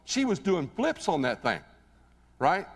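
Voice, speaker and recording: A man speaking on stage at a live motivational event, his slightly high voice ringing through a reverberant hall. He tells stories in an animated, conversational way and keeps asking the audience questions. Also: a little slow, creaky. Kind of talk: live motivational speech with storytelling.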